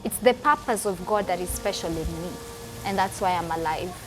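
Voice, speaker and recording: A woman's voice: lowish voice, moderate pace. A woman in her twenties, a guest telling her personal story in an earnest, emotional interview, with music underneath. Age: 20s. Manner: emotional, earnest, repeats phrases for emphasis.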